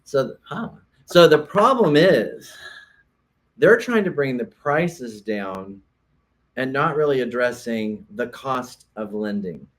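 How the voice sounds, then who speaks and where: A man's voice: mid-range voice, expressive, slow pace. Earnest realtor man explaining on a podcast. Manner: earnest, explanatory, with stammered restarts. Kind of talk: casual chat.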